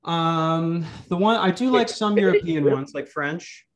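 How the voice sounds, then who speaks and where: Heard over a remote call mic, a podcast host speaks in a fairly high voice with lively intonation and no hurry. His conversation is casual and crude, drifting off on tangents with jokes and many restarts.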